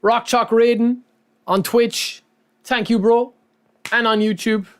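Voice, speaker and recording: A man's voice: extremely high pitch, little pitch movement, slow, clean tone. A man live-streaming, chatting casually to his viewers and often calling them lads and man.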